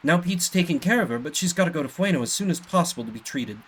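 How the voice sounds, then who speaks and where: A man voicing a gossiping villager in a video game, talking fast and softly. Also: on the high side, expressive, slightly rough, pitched above the performer's own voice, low-quality recording. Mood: gossipy.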